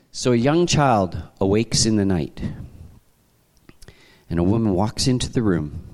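A man from Canada preaching to a congregation, telling stories in a conversational, animated way with frequent restarts. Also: low-pitched. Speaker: pastor. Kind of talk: sermon.

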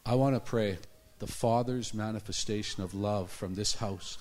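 A man's voice: on the low side, moderate pace, darkish tone. A man preaching a sermon in a church, telling stories with energy and acting out the people in them. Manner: storytelling, acts out the people in his stories.

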